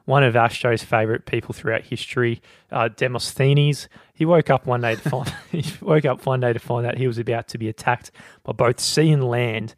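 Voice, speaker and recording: A man co-hosting a podcast, talking through a book's ideas in a relaxed, conversational way. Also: medium pitch, normal speed, no room sound, clean studio sound. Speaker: podcast co-host. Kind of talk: casual book discussion.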